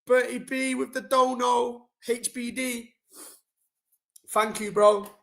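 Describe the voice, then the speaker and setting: Slangy young man, high voice. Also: fairly even intonation, slow pace, gravelly, fairly bright tone. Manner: blunt, swearing, slangy, ranting. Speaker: football streamer. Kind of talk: casual live-stream chat.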